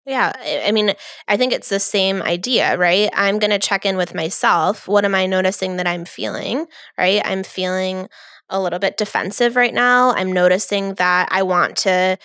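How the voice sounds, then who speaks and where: A woman co-hosting a relationship podcast, calm and affirming, talking through her thoughts step by step. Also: mid-range voice, moderate pace, dry recording, clean studio sound. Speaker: podcast co-host. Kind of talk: casual relationship advice talk.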